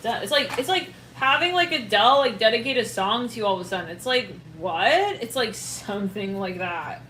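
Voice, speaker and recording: A woman gives a rambling, excitable tarot reading, often laughing and breaking off mid-thought. Her voice sits at a middling pitch. The sound is roomy and echoey, with clear noise underneath. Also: fairly quick. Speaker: tarot reader. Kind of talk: casual tarot reading to camera.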